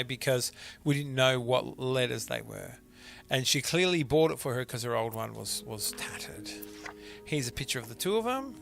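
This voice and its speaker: Male let's-player, bright gravelly voice, trips over words reading out notes. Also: mid-range voice. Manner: chatty, stumbling over words while reading. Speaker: gamer playing through a mystery game. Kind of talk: let's play commentary, reading letters aloud.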